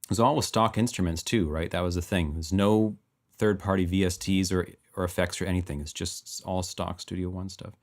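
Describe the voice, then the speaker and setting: Low-voiced man rambling about his music. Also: fairly quick. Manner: rambling and animated, chuckling between thoughts. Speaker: composer and music teacher. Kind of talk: casual talk about his own music.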